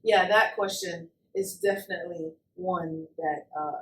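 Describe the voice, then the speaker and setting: A woman co-hosting a casual question game, animated and quick to laugh. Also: fairly low pitch, recorded from a distance. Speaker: co-host. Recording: roomy sound from off-mic.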